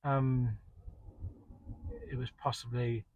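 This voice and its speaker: A man's voice: medium pitch, level tone, takes it slowly, narrow, tinny audio, a little hiss or hum. A man working as a delivery driver tells the story of his day in a rambling, exasperated way, full of restarts and "um"s. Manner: exasperated, complaining. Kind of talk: casual spoken diary.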